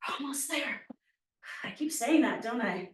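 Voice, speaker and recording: Here the instructor's voice sits slightly high, expressive and unhurried, as she guides a workout class, naming moves and counting reps while panting. The recording has room echo and a far-off microphone.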